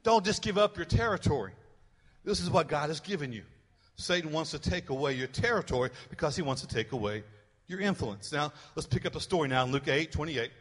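A man's voice: on the high side, animated, fairly quick, fairly bright tone, in a large hall. A man preaching a sermon as pastor, emphatic and urgent, repeating his points as he builds to rising exhortations.

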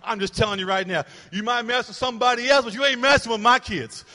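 High bright-voiced male preacher, hall echo. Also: quick pace. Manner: emphatic preaching with repeated rising exhortations. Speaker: pastor. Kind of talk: sermon.

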